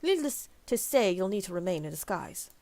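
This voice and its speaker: A woman voicing a suave, smooth-talking male rogue with a posh, wry, theatrical manner in a game. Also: medium pitch, very animated, normal speed, dark tone, no echo. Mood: scheming.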